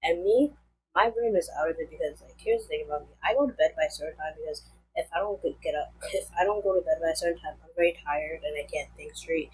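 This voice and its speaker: Young woman with a low voice rambling thru a storytime, lots of "like", faint hum behind. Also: fast, poor audio. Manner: rambling, many fillers like "like" and "and all that stuff". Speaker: vlogger. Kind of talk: casual storytime.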